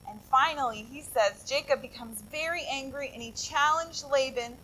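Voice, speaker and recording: Woman pastor, high and bright-toned, sermon, chatty storytelling with asides to the listeners. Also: moderate pace, slight background noise, rough recording. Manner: conversational, lively retelling with asides to the congregation.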